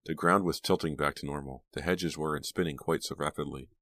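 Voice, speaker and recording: Very deep-voiced male audiobook narrator. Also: fairly even intonation, a little fast, fairly bright tone, no echo. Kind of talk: scripted narration.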